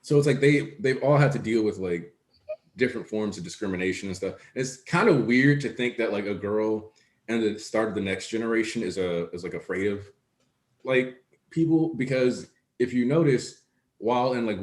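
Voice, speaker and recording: A man co-hosting a casual discussion, explaining his points at length in an analytical way. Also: mid-range voice. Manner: analytical, talks in long explanations. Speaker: co-host. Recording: echoey room.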